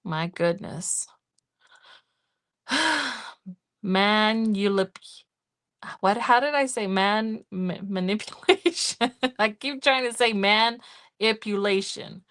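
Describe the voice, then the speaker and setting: A middle-aged woman hosting a budgeting livestream from home, chatting casually and counting cash out loud in an easygoing way. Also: medium pitch, animated, drawn-out words, long pauses. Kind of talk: casual live-stream chat.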